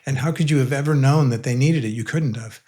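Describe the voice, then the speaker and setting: A man's voice: mid-range voice, quick pace, dark tone. Man interviewer responding appreciatively. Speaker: interviewer host.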